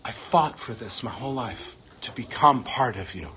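A man voicing a devoted young male convert who speaks in a quiet, husky, resolute way. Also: mid-range voice, animated, quick pace, slight background noise, voice pushed down, lightly acted. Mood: solemn.

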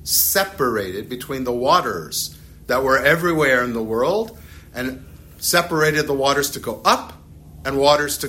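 A man teaching a religious text to a class, lively and animated, acting out little dialogues as he explains. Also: mid-range voice, a little hiss or hum. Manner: animated, acts out dialogues with shifting loudness.

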